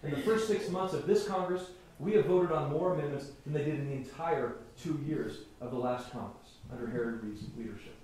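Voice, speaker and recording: This Colorado senator talks fairly quickly with few pauses, his voice fairly high-pitched and darkish. Giving a stump speech with stories to a small gathering, he often restarts and repeats words, and the room is very echoey with faint ambient noise.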